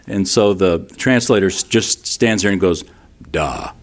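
A man's voice: fairly low pitch, moderate pace, noisy background. A middle-aged man preaching a sermon as a pastor, telling stories and acting out the people in them. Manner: storytelling, acting out quoted voices.

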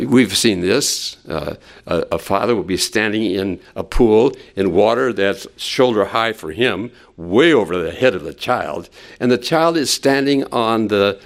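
An older man preaching a sermon as a pastor, animated and stressing key words. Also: lowish voice, vocal fry.

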